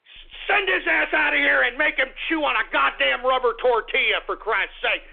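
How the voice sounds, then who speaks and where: A boisterous man hosting a call-in radio show, his fairly high voice rough with gravel. He talks crudely and bursts into shouts and whoops. The sound is thin and tinny, like a phone line. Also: moderate pace.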